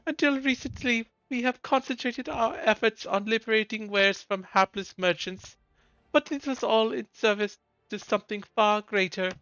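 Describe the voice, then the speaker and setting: Posh high-pitched villain, grandiose and haughty, dry dull mic. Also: male voice, normal speed, sharp tone, smooth, no room sound. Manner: grandiose speechifying. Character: pompous rich male villain posing as rebel leader. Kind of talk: voicing game dialogue while streaming.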